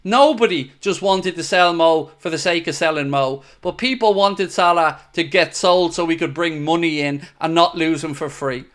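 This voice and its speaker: High smooth voice, guy doing a live footy watchalong, hyped and blunt, swears a lot. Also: normal speed, hardly any pauses. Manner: excitable, blunt, swears freely. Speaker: host of a fan watchalong. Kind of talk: live football watchalong commentary.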